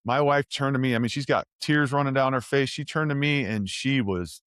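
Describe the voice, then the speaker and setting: A man's voice: mid-range voice, fairly quick, clear, resonant tone, no echo, studio quality. A man in his forties, a guest, telling his story in a casual interview and acting out the voices he quotes. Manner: animated storyteller who acts out quoted voices. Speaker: guest, former NFL offensive lineman.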